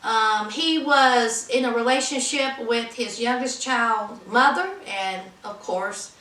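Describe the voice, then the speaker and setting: A woman's voice: fairly high pitch, takes it slowly, sharp tone. A woman hosting a podcast, giving a sassy, chatty recap of a reality show and talking straight to her listeners. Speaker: podcast host. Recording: roomy, distant from mic.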